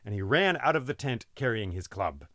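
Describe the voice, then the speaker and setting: A man telling an epic tale aloud in an expressive, dramatic way. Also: mid-range voice, normal speed, no room sound, studio quality. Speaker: storyteller. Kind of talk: oral storytelling.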